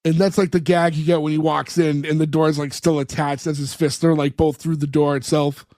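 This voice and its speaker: A man's voice: on the high side, level tone, a little fast, darkish tone, no room sound. Man retelling sitcom scenes, dry close mic. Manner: retells scenes, acting out the characters' lines. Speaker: podcast co-host. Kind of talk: casual chat recapping a sitcom episode.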